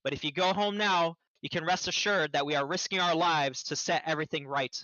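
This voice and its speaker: A man voicing a male mage who booms out a plea to calm an angry crowd, in a dull lo-fi stream recording. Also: moderate pace. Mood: pleading. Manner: booming, earnest and pleading.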